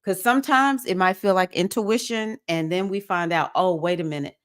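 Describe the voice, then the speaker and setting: A woman's voice: on the low side, moderate pace, smooth. A woman hosts a live-streamed spiritual circle in a casual, heartfelt way. She talks straight to her listeners and often acts out quoted lines. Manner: casual, conversational, animated with acted-out quotes. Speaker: host of a women's spiritual circle. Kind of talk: live-stream motivational talk.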